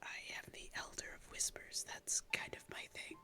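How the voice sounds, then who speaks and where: A woman voicing an ominous masked spirit elder in a breathy whisper, a whispered role-play. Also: normal speed, bright, forceful tone, soft background music.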